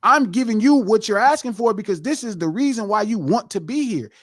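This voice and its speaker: Man, middle-aged, podcast host, high voice, swooping wildly, heated profane ranting, dry close sound. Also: animated, fairly quick, a bit bright, no room sound. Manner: impassioned, profane, lecturing. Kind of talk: heated live podcast rant.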